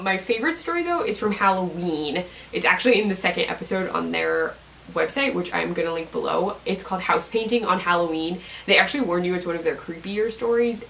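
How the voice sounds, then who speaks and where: A woman's voice: fairly low pitch, a bit bright, distant mic, a little hiss or hum, low-quality recording. A young woman vlogger in casual chat about a podcast she likes, rambling with lots of fillers and self-corrections.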